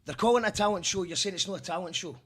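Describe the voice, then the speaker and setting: A man's voice: sits high, very fast, fairly bright tone, slightly rough. A Scottish man hosting a casual interview, blunt and rambling with lots of restarts. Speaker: host.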